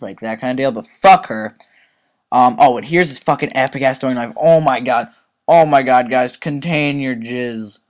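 Brief: teen boy, offhand gaming commentary, crude jokes, rambling, average pitch, mock voices here and there. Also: a little fast. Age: teens.

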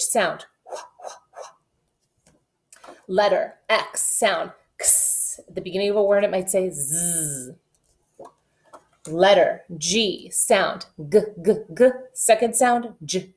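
A woman teaching kindergarteners over a remote lesson, her voice sitting a little low as she drills each letter sound. She speaks very slowly and repeats every sound with care. When she reads a rhyme she turns sing-song and encouraging. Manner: encouraging, sing-song reading aloud with children. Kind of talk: remote phonics lesson for young children.

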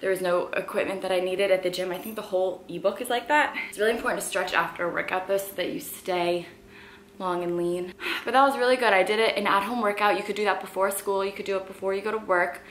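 A woman's voice: medium pitch, steady tone, fast talker, fairly bright tone, slight background noise. A woman fitness vlogger chatting casually at home in an upbeat, filler-heavy way. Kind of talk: casual vlog chat.

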